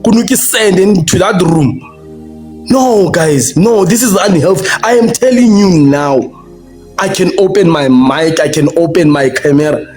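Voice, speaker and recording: A man's voice: high-pitched, animated, a little slow, a little mellow. Heated man, faint music. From South Africa. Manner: repetitive, confrontational, stumbling restarts. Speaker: livestream debater. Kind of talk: heated livestream argument.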